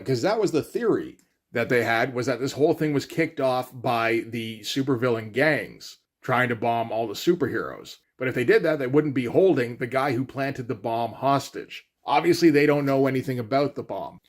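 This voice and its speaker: A man casually recapping and critiquing a comic issue in an offhand, rambling way with lots of fillers. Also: medium pitch. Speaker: comics commentator. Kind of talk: casual comic read-through.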